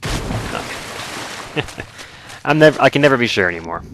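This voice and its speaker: A man's voice: mid-range voice, lively intonation, takes it slowly, noisy background. A man hosting a let's play, giving easygoing, rambling gameplay commentary. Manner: easygoing, rambling, self-correcting.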